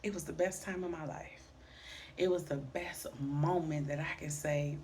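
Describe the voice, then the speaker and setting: Middle-aged woman vlogger, lower voice; animated storyteller who acts out the voices. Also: normal speed, slight background noise. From Highland Park, Michigan, near Detroit. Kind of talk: personal storytelling vlog.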